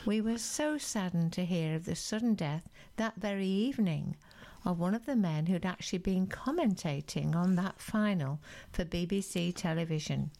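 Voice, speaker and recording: A woman's voice: fairly low pitch, moderate pace, creaky, few pauses, dark tone. A woman, hosting a nostalgic chat and reading out facts conversationally. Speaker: host.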